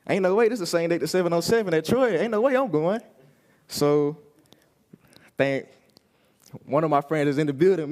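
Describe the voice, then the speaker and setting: A young man shares a personal testimony in an easy, conversational way, slipping into the voices of the people in his story as he tells it. His voice sits at an ordinary middle pitch for a man. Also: a little mellow. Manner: casual storytelling, acting out quoted lines. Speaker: youth service speaker.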